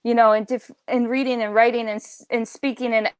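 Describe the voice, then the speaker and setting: A woman's voice: fairly high pitch, a little fast, smooth, no room sound. A woman talking as a guest on a casual livestream, a language teacher speaking emphatically and opinionatedly. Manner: emphatic, opinionated, animated impressions.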